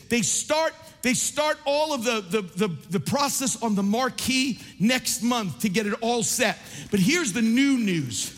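A man preaching a sermon as pastor, impassioned and building to near shouts. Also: very high voice. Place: large church sanctuary. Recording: long reverb of a large hall.

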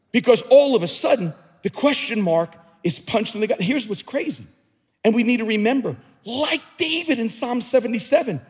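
A man preaching a dramatic sermon as a pastor in a church, building to loud emphatic peaks. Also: sits high, animated, moderate pace, breathy edge. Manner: dramatic preaching, rising to near-shouts on key words. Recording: long hall reverb.

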